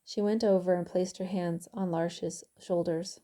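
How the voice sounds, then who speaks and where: A woman author reading her own novel aloud in calm, even audiobook narration. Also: lowish voice, measured pace.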